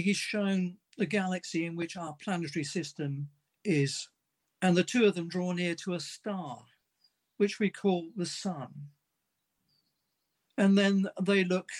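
Earnest higher-pitched male preacher. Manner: earnest, reads a story aloud with quoted dialogue. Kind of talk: sermon.

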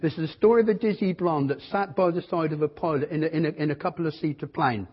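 A man's voice: a little high, fast talker, slightly rough. A man, a visiting preacher telling jokes and then preaching a sermon. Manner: humorous storytelling, then earnest preaching. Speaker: guest preacher. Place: church. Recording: dull lo-fi recording in a reverberant church hall.

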